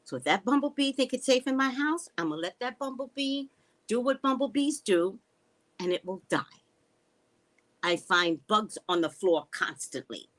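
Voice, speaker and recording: A woman's voice: on the high side, normal speed. A woman hosting a casual live stream from home, telling stories sarcastically, swearing often and reading viewer comments aloud. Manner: sarcastic, animated storytelling with frequent swearing.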